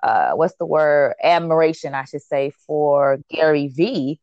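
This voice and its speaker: A woman's voice: low voice, unhurried, a little mellow, no echo, muffled recording. A woman hosting a podcast in casual chat, upbeat and loose with lots of ums and repeated words. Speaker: podcast host.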